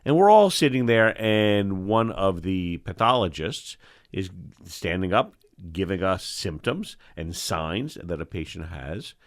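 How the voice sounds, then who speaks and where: Animated older man telling stories. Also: low-pitched, a little slow. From New York. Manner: animated storyteller, acts out voices. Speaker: host, eye doctor. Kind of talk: storytelling chat.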